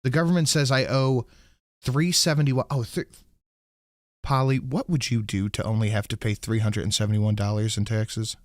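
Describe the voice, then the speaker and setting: A man hosting a podcast, telling an angry story full of swearing and quoting himself loudly. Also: mid-range voice, level tone, moderate pace, dry recording, clean studio sound. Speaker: podcast host. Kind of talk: casual ranting chat.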